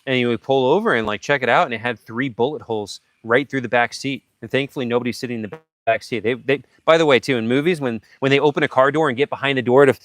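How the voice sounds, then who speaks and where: A man hosting a livestream, telling a story casually and acting out sound effects and shouted lines. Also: mid-range voice, fast, few pauses, dry recording. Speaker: livestream host.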